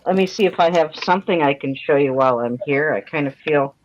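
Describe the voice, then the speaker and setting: A woman's voice: low-pitched, fast. A woman artist chatting casually on a livestream, folksy and self-deprecating. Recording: dry, dull lo-fi stream audio.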